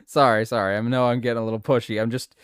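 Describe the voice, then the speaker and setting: A man's voice: medium pitch, clean tone, no room sound, clean studio sound. A man streaming live, chatting casually with his viewers, giggling a lot and swearing playfully.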